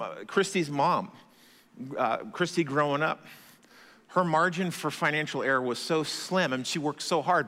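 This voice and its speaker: A man preaching a sermon as pastor, telling stories in a conversational, animated way with self-deprecating humor. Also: fairly high pitch. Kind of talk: sermon with storytelling. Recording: long hall reverb.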